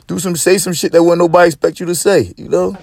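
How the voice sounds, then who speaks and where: A podcast host rants in casual street slang, swearing heavily and stopping and restarting often. His voice is high and somewhat dark, with fairly even intonation, a quick pace, and vocal fry. The delivery is profane, rambling, and preachy.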